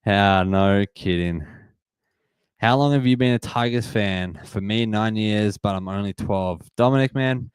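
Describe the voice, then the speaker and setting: An excitable Australian man in his twenties hosts a live sports watch party, greeting viewers and reading their comments. His voice sits fairly low but comes through smooth and clear. The sound is dry and close, with little room. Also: a little slow, no echo. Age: 20s. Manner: upbeat, reads and greets chat viewers, repeats phrases. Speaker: livestream host.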